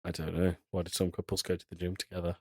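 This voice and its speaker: A British man co-hosting a podcast in casual chat, telling jokes in a deadpan way. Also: sits low, quick pace, slightly rough, dry recording, studio quality. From Britain. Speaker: podcast co-host.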